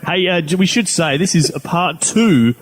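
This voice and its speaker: A man's voice: a little high, moderate pace, dry recording. A man hosting a podcast, introducing the guest and keeping the talk on track. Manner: steady, steering the conversation. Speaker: podcast host. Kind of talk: casual chat.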